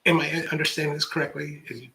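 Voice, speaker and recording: A man's voice: on the high side, little pitch movement, quick pace, vocal fry, crowd noise, low-quality recording. A man from the United States, a coffee professional hosting his own channel, chatting casually to camera in a rambling, candid, self-deprecating way full of "like" and restarts.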